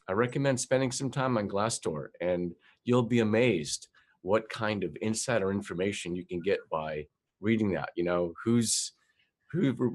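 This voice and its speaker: Low-voiced man lecturing with many fillers. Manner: hesitant, frequent uh fillers and restarts. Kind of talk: recorded class lecture.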